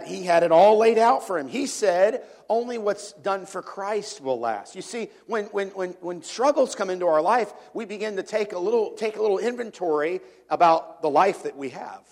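A middle-aged man with a notably high speaking voice preaches a sermon in church. He talks conversationally, throws questions out to the congregation and often repeats words as he finds his way. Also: a little fast, gravelly, hardly any pauses, darkish tone. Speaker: pastor.

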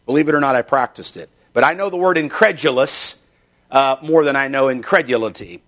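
A man's voice: mid-range voice, brisk, fairly bright tone. Man preaching with earnest asides. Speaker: pastor. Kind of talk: sermon.

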